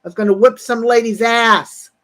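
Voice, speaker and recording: A woman in her sixties talks casually on a livestream in a slightly high voice. She rambles and swears her way through a story and keeps pausing to greet viewers in the chat. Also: fairly even intonation. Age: 60s.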